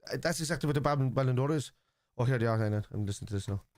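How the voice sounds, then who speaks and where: An Irish man talks loosely and bluntly on a live stream, tossing out strong opinions and swearing freely. His voice sits at an ordinary middle pitch. The sound is close and dry, with hardly any room around it. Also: very fast, darkish tone, no room sound. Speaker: livestream host reacting to a football match. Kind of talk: casual live watchalong chat, reading out viewer messages.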